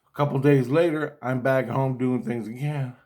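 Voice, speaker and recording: A man's voice: mid-range voice, fairly even intonation, moderate pace, warm tone. A man in a rambling personal monologue, agitated and swearing constantly as he talks. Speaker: vlogger.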